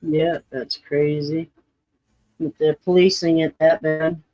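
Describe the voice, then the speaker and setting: A man's voice: on the high side, flat delivery, slow pace, dry recording, faint music behind. Easygoing man with a dull, lo-fi sound. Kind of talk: casual chat.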